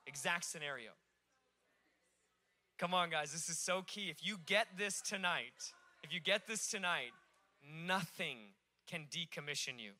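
High, bright-voiced joking preacher. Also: male voice, a little slow, long pauses. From Alaska. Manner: animated, joking storyteller. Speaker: pastor. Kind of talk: sermon. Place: on a stage.

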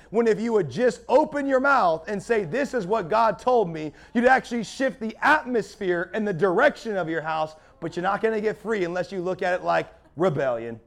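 A man preaching a sermon as pastor, fiery and building in intensity. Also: sits high.

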